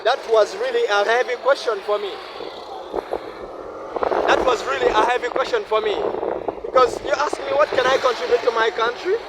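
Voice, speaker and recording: A man with a Ugandan English accent, hoarse from a flu and cough, vlogging in a reflective, repetitive way beside a highway. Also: steady tone, moderate pace, pauses often. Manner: reflective, repeats phrases, shifts into a deeper voice at times. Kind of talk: casual vlog monologue. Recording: noisy outdoor recording with wind. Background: traffic and wind.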